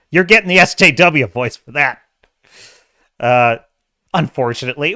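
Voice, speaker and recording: A man's voice: fairly high pitch, expressive, moderate pace, bright, forceful tone, clear, resonant tone, no echo, clean studio sound. A man hosting a casual commentary show, ranting in an emphatic, exasperated way. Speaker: host.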